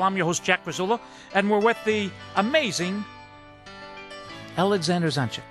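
A man hosting a radio talk show, announcing in a smooth, measured way. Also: sits high. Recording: loud music bed under voice. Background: loud instrumental music.

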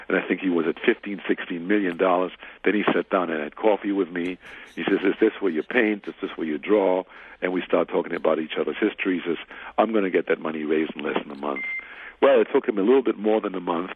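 Older male guest, very low husky voice, rambling anecdote over a tinny phone-like line. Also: no echo. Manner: rambling, animated retelling with quoted dialogue. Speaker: interview guest. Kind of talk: anecdotal storytelling.

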